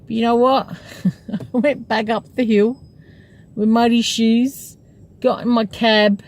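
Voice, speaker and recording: A woman's voice: fairly high pitch, steady tone, slow, a little mellow, poor audio. A woman, a taxi driver, telling a story from her night in a casual, chatty way and breaking into laughter often.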